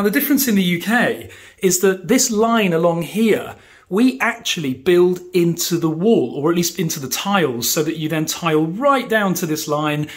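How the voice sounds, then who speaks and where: Chatty British man, high-ish voice, joking explainer, echoey tiled room. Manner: chatty, jokey, explains while showing things. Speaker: vlogger. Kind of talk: casual explainer vlog. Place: home bathroom.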